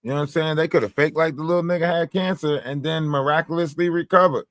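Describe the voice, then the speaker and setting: A man's voice: on the high side, fast, no echo, clean studio sound. A man hosting a livestream with casual, profane commentary, telling stories and mimicking other people's lines. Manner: profane, animated storytelling with mimicked quotes. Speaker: livestream host.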